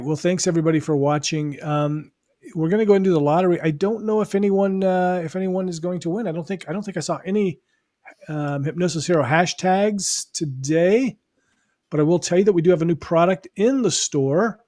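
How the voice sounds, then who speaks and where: California guy hosting a live stream, kinda high voice, laughs a lot, dry mic. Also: moderate pace, a little mellow, dry recording. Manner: chatty, laughs easily, restarts a lot. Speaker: host. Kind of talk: casual live-stream chat.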